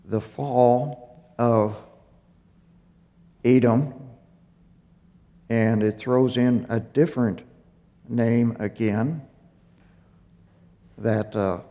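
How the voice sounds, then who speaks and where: Slow breathless guy doing a bible lesson, halting w/ lots of uhs, echoey dull hall sound. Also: medium pitch, dark tone. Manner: slow, halting, with fillers and self-corrections. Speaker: Bible teacher. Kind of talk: unhurried Torah teaching. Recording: muffled recording in a reverberant hall.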